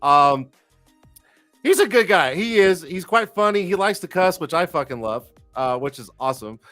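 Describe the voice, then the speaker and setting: A man's voice: high voice, lively intonation, normal speed, fairly bright tone, faint music behind. A man hosting a casual live-stream talk show, loose, profane and jokey, with lots of fillers and restarts. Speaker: livestream talk show host.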